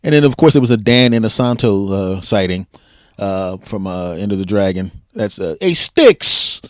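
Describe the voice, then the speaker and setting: A man's voice: lowish voice, steady tone, a little fast, dry recording, studio quality. A man hosting a casual podcast interview, laughing often and rambling with frequent ums. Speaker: podcast host.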